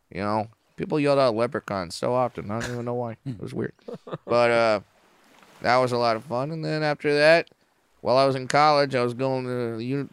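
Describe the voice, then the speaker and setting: Crisp, dry-sounding comedian telling stories. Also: male voice, mid-range voice, no room sound. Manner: profane, animated, quick to act out quotes. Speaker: comedian guest. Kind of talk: casual podcast interview storytelling. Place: podcast studio.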